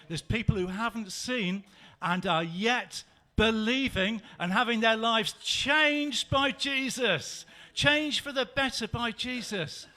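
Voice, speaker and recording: A male pastor giving an animated storytelling sermon. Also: high voice.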